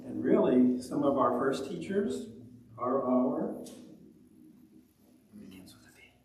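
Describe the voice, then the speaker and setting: A man addresses a congregation in a relaxed, friendly way, drawing them into call-and-response. His voice comes from far off in a very echoey hall, with clear background noise. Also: medium pitch. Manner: friendly, call-and-response, chanting word pairs. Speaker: lay service leader. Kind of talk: casual talk to a congregation, teaching a song. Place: fellowship hall.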